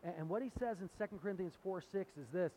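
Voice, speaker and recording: A man's voice: sits high, quick pace, dark tone, low-quality recording. A man preaching a sermon, teaching in a conversational way, quoting scripture and putting questions to his listeners. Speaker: pastor. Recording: faint hiss.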